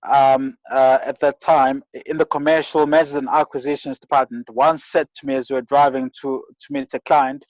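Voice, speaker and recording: A man's voice: medium pitch, flat delivery, normal speed, hardly any pauses, no room sound, lo-fi sound. A South African man from rural KwaZulu-Natal, a guest telling stories in an interview, earnest and often restarting his sentences. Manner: earnest, many restarts and repeated words. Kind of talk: reflective interview storytelling.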